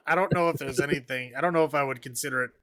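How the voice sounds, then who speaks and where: A man's voice: on the high side, fast, fairly bright tone, no room sound. A man co-hosting a podcast, dropping dry sarcastic asides about a movie in casual chat. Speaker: podcast co-host.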